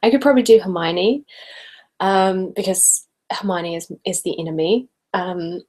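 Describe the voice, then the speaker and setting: A woman's voice: fairly low pitch, unhurried, creaky, long pauses, a little mellow, slightly rough. Giggly woman chatting on a live stream. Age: late 20s. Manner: chatty and giggly, often laughing mid-sentence. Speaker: ASMR channel host. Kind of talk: casual live-stream chat reading viewer comments.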